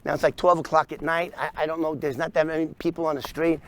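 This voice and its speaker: High-voiced New man telling a story. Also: level tone, fast, fairly bright tone. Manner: acts out scenes with sound effects and voices. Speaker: storyteller recounting his past. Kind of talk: animated first-person storytelling.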